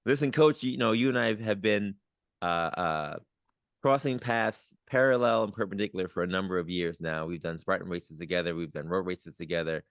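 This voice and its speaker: A man's voice: low voice, normal speed, no room sound, clean studio sound. A man from New York hosting a motivational podcast, speaking earnestly with rising emphasis. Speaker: podcast host.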